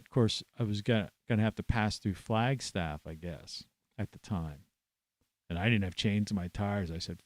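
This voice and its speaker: A man's voice: on the low side, a little mellow, dry recording. A man at home, ranting scornfully to camera with plenty of swearing. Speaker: vlogger. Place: at home, indoors in an old house.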